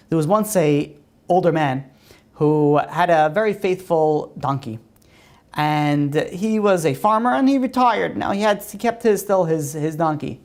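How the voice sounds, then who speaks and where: A woman teaching a religious class and telling stories in a conversational way. Her pitch rises on emphatic questions. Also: darkish tone.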